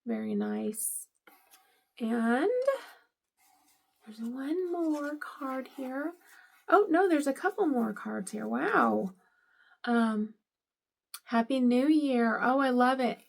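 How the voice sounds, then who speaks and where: A middle-aged woman talks unhurriedly through a casual home vlog, gushing over each gift she unwraps. Her voice sits a touch high with a gravelly fry. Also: takes it slowly, pauses often. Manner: gushing, delighted, lots of "I love it". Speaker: vlogger unboxing gifts.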